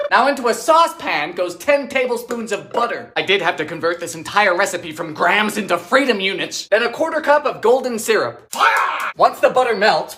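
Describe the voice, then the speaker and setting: A young man hosting a home baking video, telling dry jokes between recipe steps and breaking into sudden loud outbursts. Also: high voice, background noise. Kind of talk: comedic cooking narration. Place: home kitchen.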